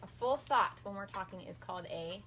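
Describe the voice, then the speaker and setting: A young woman teaching an online kindergarten lesson at home, patient and instructive, slowly modeling phrases for children to repeat. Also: mid-range voice, a little hiss or hum. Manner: patient, instructive, frequent gentle redirections; slow, sing-song modeling of phrases for repetition. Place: home, filmed for online class.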